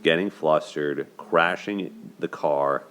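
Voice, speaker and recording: A man with a low, deep voice talks through a film's love story in a loose, chatty way. He often checks in with his listeners by asking "right?" and laughs as he goes. It sounds like a relaxed host's commentary. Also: takes it slowly, a little hiss or hum. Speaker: host of a dating and movie commentary show. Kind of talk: casual spoken movie breakdown.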